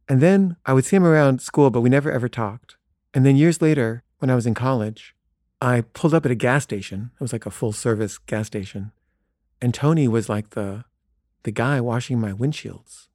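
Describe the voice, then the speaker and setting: A man's voice: mid-range voice, normal speed, warm tone, no echo, studio quality. A man telling a funny story from his own life in a casual, self-deprecating way, often filling with "like". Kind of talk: comic personal storytelling.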